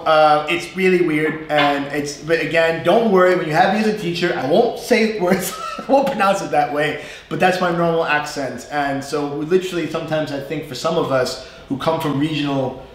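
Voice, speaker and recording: A man with a North Jersey and New York accent, co-hosting a casual live English lesson, chatty and quick to laugh. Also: a little high, very echoey, slight background noise. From US East Coast, North Jersey/New York area. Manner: chatty, laughs often, stretches vowels to demonstrate.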